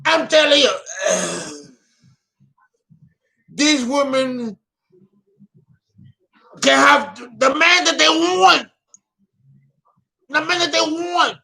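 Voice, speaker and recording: A man takes on an astrologer persona for an informal vlog, speaking slowly with an animated, creaky voice and frequent pauses. He's theatrical and emotional, alternating between loud bursts and hushed murmurs.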